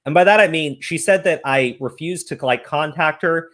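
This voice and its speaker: A man's voice: on the high side, moderate pace, fairly bright tone. A man ranting profanely in casual stream commentary.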